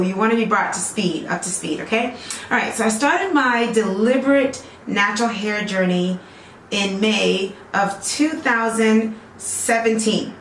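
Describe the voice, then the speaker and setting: A woman's voice: on the high side, echoey room, a little hiss or hum. A woman chatting casually to her viewers in a rambling, friendly vlog, checking in with them often. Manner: chatty, rambling, talks straight to viewers with lots of "okay?". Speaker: natural hair vlogger selling her own products.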